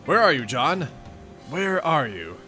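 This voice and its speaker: A young man reading a webcomic aloud and chatting through his reactions in an excitable, rambling way. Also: a little high, slow, faint music behind. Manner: excitable, chatty, lots of fillers. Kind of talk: casual reaction commentary.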